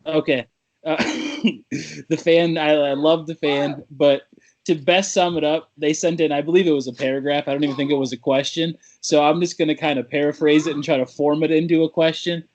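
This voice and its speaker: A man's voice: a little high, little pitch movement, fairly quick, a little mellow, lo-fi sound. A man co-hosting a casual talk show, trading playful insults with his partner. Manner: playful trash-talking banter. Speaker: podcast co-host. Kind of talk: casual chat.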